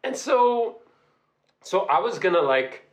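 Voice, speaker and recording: A young man telling a story in casual chat, animated, laughing and acting out quotes. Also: high voice, slow pace, reverberant.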